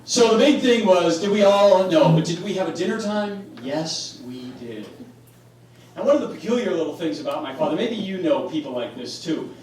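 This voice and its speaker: A man telling humorous family stories to an audience at a parish event, animated and acting out the voices of family members. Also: sits high, moderate pace. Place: parish hall. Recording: echoey hall, distant mic, background noise.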